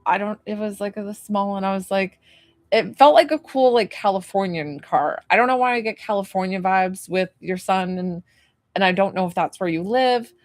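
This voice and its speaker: A woman psychic medium talks through a spirit reading in a loose, wandering way, full of "like" and questions aimed at the client. Her pitch sits at an ordinary middle height. The sound is dry and close, with no room around it. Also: normal speed, dry recording. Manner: rambling and tentative, full of "like" and questions to the sitter; gently reassuring when she relays comfort.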